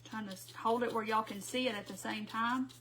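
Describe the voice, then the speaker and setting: A woman's voice: on the high side, fairly even intonation, brisk, a bit bright. Chatty woman painting on a livestream. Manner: chatty, laughs often, talks to viewers as y'all. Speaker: craft livestream host. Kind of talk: casual chatty craft demo.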